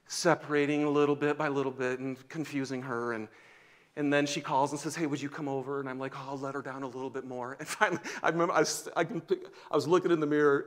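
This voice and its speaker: A man in his fifties, a pastor, preaching a sermon and telling stories, swinging from loud exclamations to hushed near-whispers. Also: mid-range voice. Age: 50s. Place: church sanctuary.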